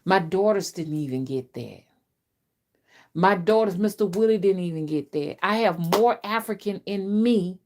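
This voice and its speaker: A woman's voice: expressive, unhurried. A middle-aged woman, a spiritual reader, talking to her viewers in a casual, rambling live-stream chat, often repeating herself, her voice rising and dropping sharply. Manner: chatty, repetitive, with big swings in pitch and loudness. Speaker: spiritual reader and channel host.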